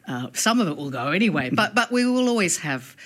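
A woman's voice: on the low side, sing-song, a little fast. A woman, a linguistics expert explaining word usage in a casual chat, thoughtful and hesitant, chuckling often.

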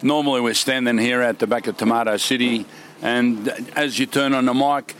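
A man's voice: medium pitch, fairly even intonation, moderate pace, a bit bright, a little hiss or hum. A middle-aged man, a market stallholder, chatting casually outdoors at a food market in a plain, easygoing way.

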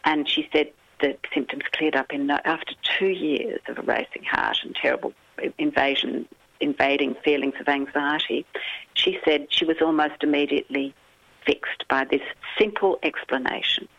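A woman's voice: deep voice, fairly even intonation, moderate pace, vocal fry, fairly bright tone, no echo, lo-fi sound. A woman author, a guest on a radio interview, telling a story in an earnest, vivid way.

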